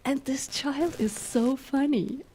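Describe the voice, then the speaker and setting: Gentle minister. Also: female voice, sits high, slow pace. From German-speaking Europe. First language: German. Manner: gentle, laughs often, guides the audience through breaths. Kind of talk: spiritual talk with guided exercises.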